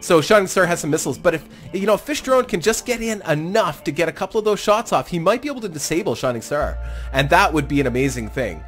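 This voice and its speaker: Commentating his own game tournament, a fast-talking YouTuber sounds animated and laid-back, with a touch of self-deprecation. The voice is on the high side and ranges widely in pitch, over faint game music.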